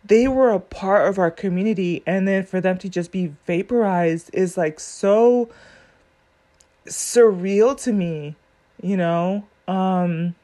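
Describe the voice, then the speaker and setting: A woman's voice: mid-range voice, slow, warm tone. A woman giving casual commentary on a court video, earnest and rambling as she thinks aloud.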